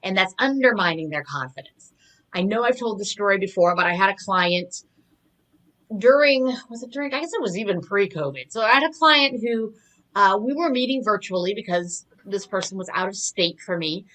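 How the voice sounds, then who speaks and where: A middle-aged woman coaching her audience in a relaxed, conversational way. Her voice is bright and clear, sitting at an ordinary pitch. She drifts into personal stories as she explains. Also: moderate pace, poor audio. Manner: conversational, reflective, with personal anecdotes. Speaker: communication coach. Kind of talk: live online coaching talk.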